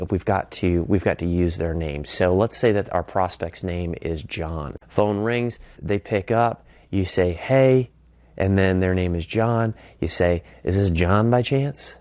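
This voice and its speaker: Lower-voiced man teaching sales technique. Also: unhurried, darkish tone, no echo. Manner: acts out sample phone calls in varied voices; explanatory, conversational teaching. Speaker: sales trainer. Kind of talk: instructional talk.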